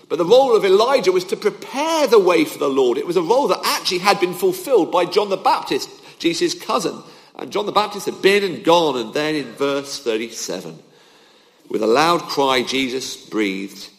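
A man preaching a sermon, emphatic, with his voice rising and falling to drive points home. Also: fairly high pitch. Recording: long hall reverb.

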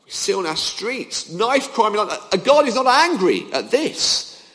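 A man's voice: very high-pitched, sing-song, unhurried, sharp tone. A man preaching a sermon, emphatic, with his voice rising and falling to drive points home. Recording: long hall reverb.

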